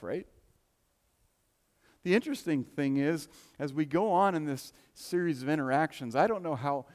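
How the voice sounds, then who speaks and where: Conversational preacher in an echoing hall. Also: male voice, mid-range voice. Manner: conversational, rhetorical questions, restarts. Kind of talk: sermon. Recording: long reverb of a large hall.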